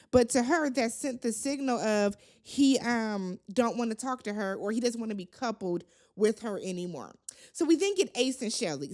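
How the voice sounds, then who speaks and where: A chatty, opinionated woman recapping a reality show for her channel in a sassy, conversational tone. Her voice sits slightly higher than average. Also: a little mellow. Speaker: recap vlogger. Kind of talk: casual reality-TV recap commentary.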